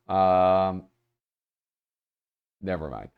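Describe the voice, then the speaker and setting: A man's voice: on the low side, big pitch swings, unhurried, narrow, tinny audio. A man hosting a casual read-through, reading passages aloud and breaking off for chatty asides and chuckles. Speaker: host.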